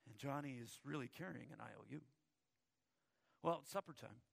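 A man's voice: medium pitch, normal speed, vocal fry, breathy edge. A male pastor preaching a sermon, telling a story and often repeating words as he starts a thought.

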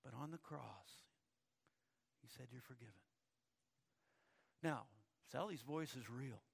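A man's voice: medium pitch, takes it slowly, gravelly, breathy edge. A male pastor preaching a sermon, telling a story and often repeating words as he starts a thought.

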